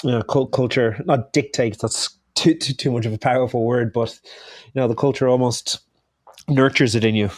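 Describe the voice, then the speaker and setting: A man's voice: mid-range voice, fairly even intonation, normal speed, no echo, studio quality. A man speaking as a chef guest in a casual interview, hesitant and often restarting his phrases.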